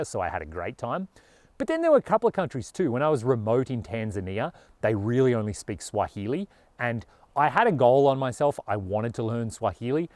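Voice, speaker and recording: A man's voice: lowish voice, no room sound. A man with an Australian accent talking earnestly and casually to camera as a travel vlogger, with a lot of "you know".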